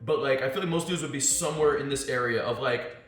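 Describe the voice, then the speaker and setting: A man with a medium-pitched voice talks fast in a casual monologue about dating advice. He tells stories with animation, swears freely and plays out what others said. Faint music can be heard in the echoey room.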